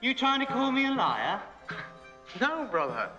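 Sneering bully, high bright voice, slow taunts, dull reverby film audio. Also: male voice, big pitch swings, faint music behind, full character voice. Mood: mocking. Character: mocking male bully who taunts and insults.

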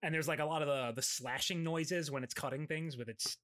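A man's voice: a little high, fairly quick, a bit bright. A man hosting a podcast, recapping an episode in casual chat, rambling with many fillers and restarts.

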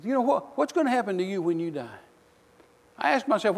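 A male missionary preacher delivering a sermon, telling folksy stories with bursts of loud outrage. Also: high voice, lively intonation, a little fast, creaky, in a large hall.

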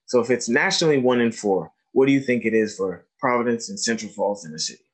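Man in his 30s doing a casual talk for teachers on trauma, lively storyteller, does the voices of the people in his stories. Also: mid-range voice, fast, breathy edge. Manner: storytelling, animated, acts out quoted dialogue. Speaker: trauma educator and presenter. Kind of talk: informal talk to educators.

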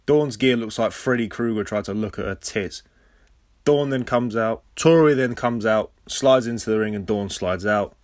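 English man, lowish voice, dry close sound, sarcastic podcast recap, swears, sudden loud bursts. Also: moderate pace, dry recording. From England. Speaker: podcast host.

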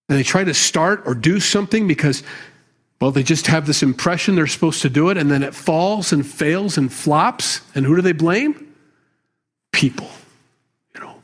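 A middle-aged pastor teaches a Bible study as a conversational sermon, plainspoken and candid, full of asides and self-deprecating humor. His voice is on the high side and slightly rough.

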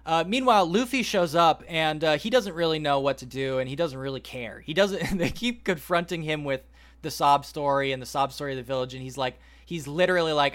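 A podcast host with a voice pitched a bit high for a man, telling a long story in a rambling, lively way. He keeps slipping in the characters' lines as he retells the plot. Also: brisk.

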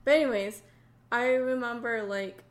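Casting: female podcast co-host, slightly high voice, casual and quick to interrupt. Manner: interrupts and talks over the others. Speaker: podcast co-host, Army veteran. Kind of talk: casual chat.

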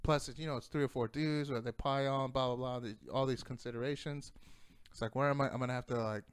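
Man, casual storyteller, profane and rambling, smooth tone. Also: mid-range voice, fairly even intonation, fast talker. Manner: profane, rambling, laughs often.

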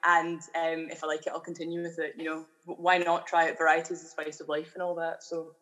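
A young woman from Glasgow with a low-pitched voice, a guest on a podcast interview. She talks loosely and chattily, with easy fillers and restarts. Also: monotone, fast talker, fairly bright tone, rough recording. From Glasgow, Scotland. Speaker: guest artist.

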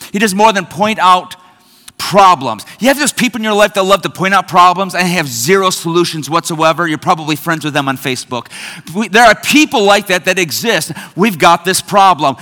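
Animated male pastor in a reverberant hall. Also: high voice. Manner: animated storytelling, acts out family voices. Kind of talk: sermon.

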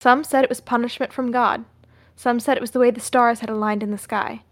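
A woman co-hosting a podcast, playful and quick to laugh, reading a narrated script aloud. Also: a little high, fairly even intonation, no echo, studio quality. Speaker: podcast co-host and reader.

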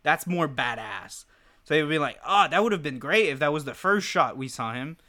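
A man's voice: fairly high pitch, lively intonation, fairly quick, pushed and bright. A man co-hosting a podcast, talking casually and animatedly, full of fillers and swearing. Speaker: podcast co-host. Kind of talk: casual chat. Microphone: podcast mic.

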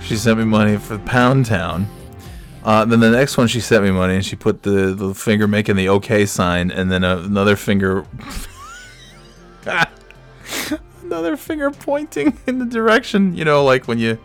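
A man's voice: fairly low pitch, a little fast, smooth, faint music behind. A man in his forties hosting a podcast, telling a rambling story and often chuckling at himself. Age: 40s. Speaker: podcast host. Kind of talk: casual storytelling.

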